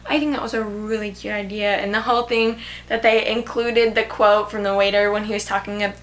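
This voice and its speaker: A woman's voice: mid-range voice, steady tone, brisk. A young woman casually reviewing a movie on her vlog, gushing and filling her talk with "like". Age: young adult. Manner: gushing, heavy "like" fillers. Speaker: vlogger.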